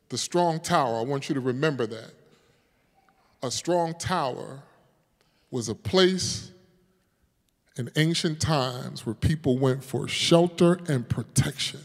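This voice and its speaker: A man pastor preaching a sermon, swinging from loud, forceful declarations to hushed, prayerful murmurs, and joking and laughing with his congregation. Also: on the high side, expressive, slow, long pauses, long reverb tail. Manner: calls on the congregation, jokes and laughs with them.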